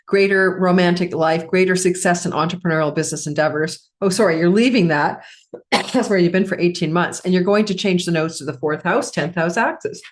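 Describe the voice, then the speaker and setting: Throat-clearing woman astrologer, husky from talking. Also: on the low side. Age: middle-aged or older. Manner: chatty, laughing, repeats and corrects herself. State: tickle in throat, coughing and clearing throat. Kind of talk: astrology forecast monologue.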